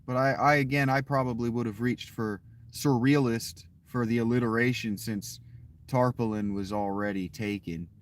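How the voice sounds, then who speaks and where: A man's voice: medium pitch, fairly even intonation, moderate pace. A man chatting casually with his viewers in a boastful, crude, rambling way. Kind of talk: casual live chat with viewers.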